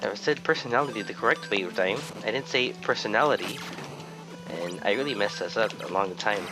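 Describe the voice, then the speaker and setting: A man voicing an overly polite, humble, soft-spoken gamer persona, giving slow, gentle let's-play commentary over game music. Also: fairly low pitch, pitched below the performer's own voice, natural voice, rough recording. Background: video game music.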